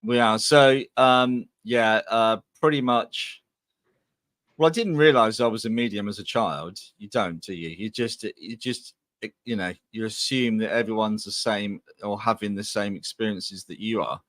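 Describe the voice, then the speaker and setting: A man's voice: lowish voice, a little slow, fairly bright tone, no echo. A man from England, a guest medium, telling his life story in a chatty, rambling way on a video call podcast. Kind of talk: casual podcast interview.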